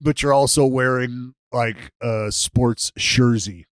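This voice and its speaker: A man's voice: medium pitch, steady tone, slow, clear, resonant tone, dry recording. A man co-hosting a casual podcast chat, laughing often and swearing casually. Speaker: podcast co-host.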